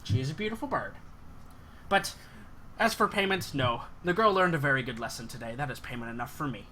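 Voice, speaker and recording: Man playing a prim old lady shopkeeper, high and fluttery. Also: animated, fairly quick, bright, forceful tone, heavily acted. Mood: stern. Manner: prim, scolding, then gracious. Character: fussy elderly female shop owner with a cane. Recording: noisy room ambience.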